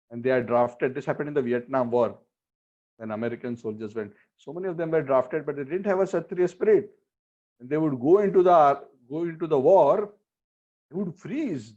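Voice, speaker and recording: Man teaching scripture, slightly high voice. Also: a little mellow. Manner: chants verses slowly, asks rhetorical questions. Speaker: spiritual teacher. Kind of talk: sermon on scripture. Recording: dull lo-fi recording.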